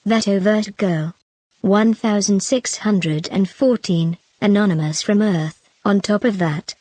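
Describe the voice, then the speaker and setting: Female narrator, steady list-reading of chat comments, mid pitch, dry recording. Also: no echo. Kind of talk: reading out numbered chat comments from a web novel.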